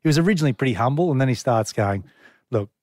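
An Australian man co-hosting a radio show, telling a lively story in casual banter and laughing often. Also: medium pitch, rapid-fire, dry recording, studio quality. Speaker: radio co-host.

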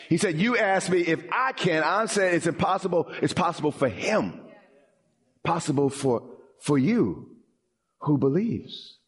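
A man preaching a sermon as pastor, in a dramatic style that drops low and quiet and then rises high and pleading. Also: animated, measured pace.

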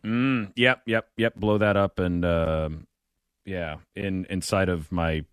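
A man co-hosting a podcast in casual banter, animated and wry, often trailing off and restarting. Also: low-pitched, takes it slowly, clean tone, no echo, clean studio sound. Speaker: podcast co-host.

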